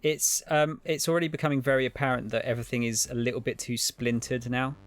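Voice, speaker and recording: A man's voice: mid-range voice, steady tone, fast talker. A man co-hosting a stream, giving wry, unimpressed reaction commentary. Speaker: stream co-host.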